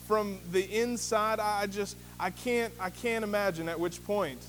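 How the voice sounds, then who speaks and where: A man's voice: sits high, fairly even intonation, normal speed, fairly bright tone, in a large hall, a little hiss or hum. A man voicing a flustered female suspect who stammers and rambles through her denials.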